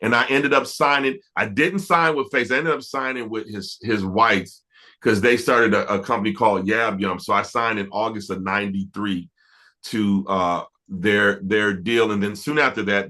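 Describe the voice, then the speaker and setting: Bright-voiced man telling stories. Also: lowish voice, moderate pace. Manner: animated, laughing storyteller with many restarts. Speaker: R&B producer, interview guest. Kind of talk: storytelling in a casual interview.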